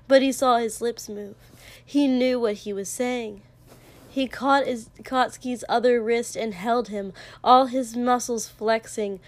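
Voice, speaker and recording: A woman narrates a dramatic story aloud in a hushed voice. She takes her time with each line, in a slightly high register. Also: dry recording. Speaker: story reader. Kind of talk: dramatic fan-fiction reading.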